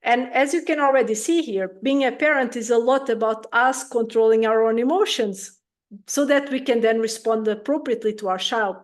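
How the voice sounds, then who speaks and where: A woman with a fairly high voice speaks as a parenting coach in an interview. She explains at length, now and then slipping into lively quoted voices of parents. Her delivery is animated and friendly in tone. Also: normal speed.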